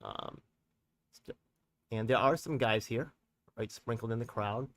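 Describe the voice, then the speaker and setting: A man hosting a live stream as a community activist. He talks in a heated, profane, rambling way, full of street slang, and keeps turning to his viewers with quick tag questions. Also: mid-range voice, vocal fry, fairly bright tone, far from the mic.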